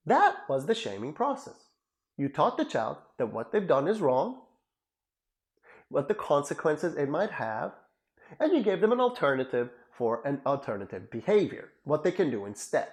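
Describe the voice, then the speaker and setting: Male therapist-lecturer, emphatic teaching talk, slightly high, very expressive pitch. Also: normal speed. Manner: animated, emphatic, repeats for emphasis. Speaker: psychotherapist and lecturer. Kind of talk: explanatory educational talk.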